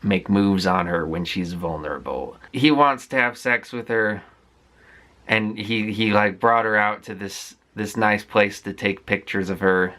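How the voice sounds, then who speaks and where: A man talks candidly through a film recap, circling back and restarting his sentences as he goes. His voice is bright and forceful, and it sits somewhat low. The delivery is loose and casual, filled with fillers and asides. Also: fairly even intonation, measured pace. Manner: rambling, with frequent fillers and restarts; candid and conversational. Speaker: movie vlogger.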